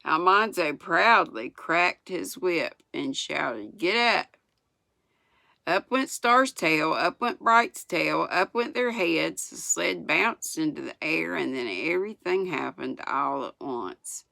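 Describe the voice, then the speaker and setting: A woman in her sixties from the United States, reading a children's book aloud in an unhurried way. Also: low voice, animated, gravelly, pushed and bright, no echo. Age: 60s. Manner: unhurried, chuckles at the story. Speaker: storyteller.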